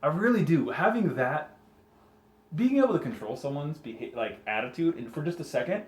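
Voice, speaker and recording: A man's voice: fairly high pitch, expressive, fairly quick. A young man talking candidly and animatedly in a casual podcast chat, laughing and swearing often. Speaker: podcast co-host. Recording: echoey room with faint noise.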